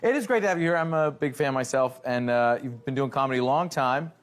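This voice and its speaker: A man's voice: mid-range voice, fast talker. A man hosting a talk show, introducing and joking with a guest in an upbeat way. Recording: loud band music and cheering studio audience.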